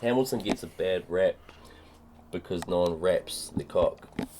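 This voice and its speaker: A man's voice: sits low, measured pace, dark tone, a little hiss or hum. A man, co-hosting a podcast, telling crude comic stories full of laughter and acted-out quotes. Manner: crude, laughs often, acts out quoted voices. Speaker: podcast co-host. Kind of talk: casual comedic storytelling chat. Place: backyard shed studio.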